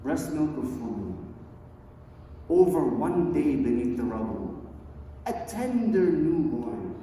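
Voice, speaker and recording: A man preaching a sermon, swinging between hushed low lines and loud emphatic ones, and reciting verses quickly in a chanting tone. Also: a little hiss or hum. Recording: echoey hall, voice far from mic.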